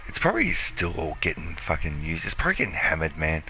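A man's voice: extremely low pitch, huge pitch swings, fast talker, sharp tone, faint music behind. A man streaming a video game, joking and swearing as he chats and plays. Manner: profane, joking, laughing banter. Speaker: gaming streamer. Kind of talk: casual let's play commentary.

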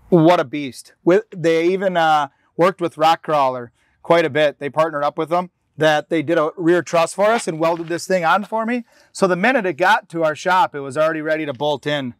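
A man's voice: on the high side, no room sound, clean studio sound. A man, a regular on an off-road channel, walks through his jeep build in a casual, enthusiastic way, with frequent restarts and fillers. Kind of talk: casual walkaround explanation. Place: outdoors and inside a jeep in a shop area.

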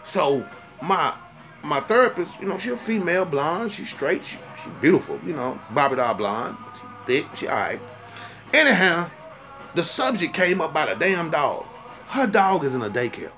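A man ranting in a comic monologue, his voice sitting high and jumping into loud, indignant outbursts. He talks in a profane, rambling way and circles back to repeat his points, with faint music somewhere behind him. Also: very animated, normal speed. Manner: profane, heated and rambling, repeats himself for emphasis. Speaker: storyteller ranting to camera.

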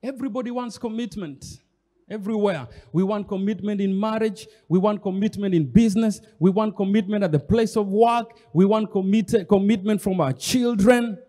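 Speaking at a moderate pace, a Kenyan pastor with a high, mellow voice preaches in a church hall. He talks straight to the congregation, stressing points emphatically and repeating phrases, with long hall reverb in the recording.

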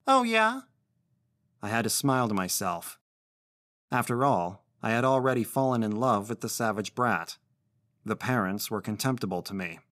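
A man narrating a literary short story in first person, with a measured, intense reading. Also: on the low side, fairly bright tone, no room sound, studio quality.

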